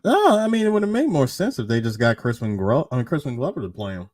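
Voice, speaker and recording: A man's voice: medium pitch, very animated, quick pace, a little mellow, no room sound, clean studio sound. A man co-hosting a casual movie podcast, emphatic and repeating his points. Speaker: podcast co-host.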